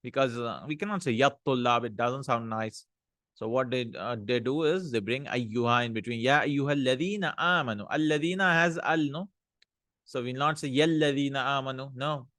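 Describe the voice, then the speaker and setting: A man teaching an Arabic grammar lesson, reading example sentences aloud, translating them and explaining the rules in a relaxed way with fillers. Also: mid-range voice, normal speed, no echo, studio quality.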